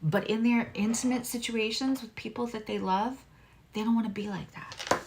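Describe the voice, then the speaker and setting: A woman hosts a live astrology and tarot reading in a candid, chatty way, swearing freely and sometimes whispering hushed asides. Her voice is on the high side with a steady tone at normal speed, and background noise can be heard.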